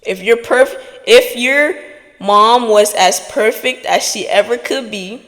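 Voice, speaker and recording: A woman's voice: a little high, slow, a bit bright, long reverb tail. A woman hosting a podcast, giving an earnest motivational talk straight to her listeners. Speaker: podcast host.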